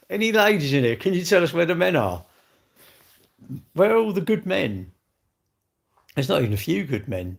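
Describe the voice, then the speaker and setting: A man's voice: a little high, sing-song, normal speed, creaky, pauses often. A man hosting a casual livestream, talking in an exasperated, rambling way and repeatedly calling the viewer "mate". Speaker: livestream host.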